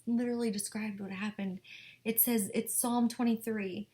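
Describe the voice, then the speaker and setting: A young woman telling a personal story to her viewers, halting with many fillers and restarts and often dropping to a whisper. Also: on the high side, steady tone, warm tone. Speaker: vlogger.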